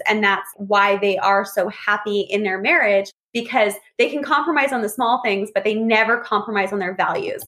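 A woman in casual conversation, telling lively stories and acting out what people said. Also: medium pitch, moderate pace, hardly any pauses. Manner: animated storyteller, acts out quotes. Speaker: podcast guest. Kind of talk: casual chat.

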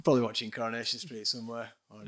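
A man's voice: mid-range voice, steady tone, very fast. A man, a guest musician telling a ghost story in casual podcast chat, swearing and laughing often.

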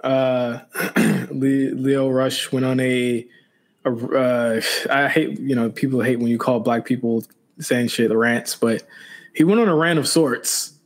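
A man's voice: mid-range voice, steady tone, unhurried. A young man co-hosting a podcast, telling a story in casual chat with many restarts and quoted back-and-forth. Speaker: podcast co-host.

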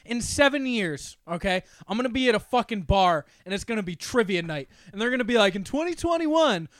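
A young man co-hosting a podcast, ranting with heavy profanity and excitable outbursts. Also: sits high, a little fast, no room sound. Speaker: podcast co-host. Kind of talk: casual chat.

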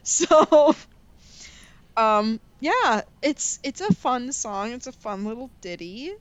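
A woman's voice: on the high side, lively intonation, slow pace. A young woman in her twenties co-hosting a casual chat, a playful storyteller who laughs often. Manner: chatty, giggly, playful storyteller. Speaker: podcast co-host.

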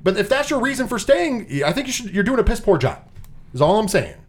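A man's voice: extremely high pitch, fast talker. A man casually reviewing a film on a podcast, ranting with a lot of swearing and acting out characters' lines in mocking voices. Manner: animated, profane ranting with mocking quoted voices.

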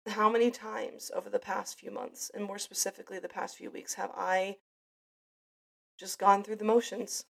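A woman's voice: medium pitch, little pitch movement, normal speed, gravelly, a bit bright. Earnest woman hosting a faith podcast. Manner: earnest, reflective, with frequent restarts. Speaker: podcast host. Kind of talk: personal faith podcast monologue.

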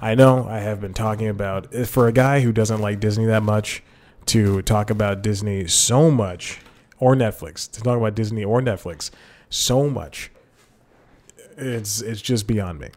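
A man's voice: lowish voice, unhurried, darkish tone. A man hosting his own podcast alone, rambling casually with chuckling asides and frequent self-corrections, talking into a desk mic with headphones on. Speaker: podcast host. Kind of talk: solo podcast chat.

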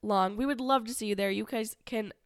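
Rambly, slightly husky woman podcaster. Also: fairly high pitch, a little fast, no room sound, studio quality. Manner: rambling, many fillers, takes notes while talking. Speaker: podcast co-host. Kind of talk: casual chat.

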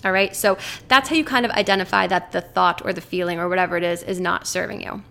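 A woman's voice: fairly low pitch, fairly even intonation, gravelly, fairly bright tone. Chatty woman coaching, lots of fillers. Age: adult with a daughter. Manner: chatty, filler-heavy, keeps asking "right?"; acts out a harsh inner voice in quick asides. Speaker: weight-loss coach. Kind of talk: casual coaching talk to camera.

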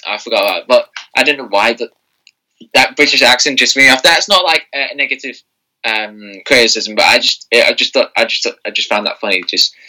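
A man's voice: mid-range voice, sharp tone, poor audio. A man co-hosting a podcast in casual chat, rambling with many fillers and restarts. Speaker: podcast co-host.

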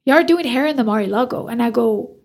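Woman, hairstylist guest, gravelly edge, fairly high voice, lively storyteller. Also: fast. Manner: animated, acts out quoted dialogue. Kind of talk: casual storytelling interview.

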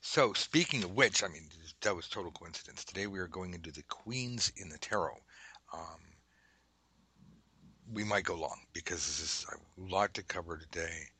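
A man's voice: deep voice, moderate pace, sharp tone, slightly rough, poor audio. A man hosting a casual tarot lesson podcast, rambling and chatty, drifting into side stories and the odd swear word. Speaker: podcast host teaching tarot.

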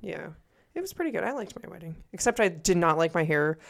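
A woman co-hosting a casual podcast, telling stories in an animated way, acting out quotes and swearing freely. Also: on the low side, quick pace, gravelly. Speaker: podcast co-host. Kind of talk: casual chat.

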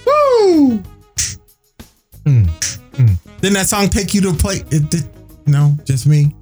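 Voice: mid-range voice, animated, moderate pace, dark tone, soft background music. A radio host chatting casually on air, emphatic and preachy, repeating phrases for effect.

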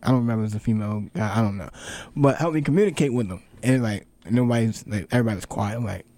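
A man's voice: on the low side, rapid-fire, warm tone, dry recording. A young man hosting a podcast, telling a story in a rambling way with lots of fillers and restarts. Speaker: podcast host. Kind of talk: casual chat.

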